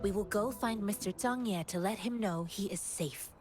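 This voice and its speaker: A woman doing a composed, courteous woman from a video game. She speaks formally and calmly in a mid-range voice. Game music runs clearly behind her. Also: mid-range voice, normal speed, close to an everyday voice. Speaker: game character. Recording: game audio under music.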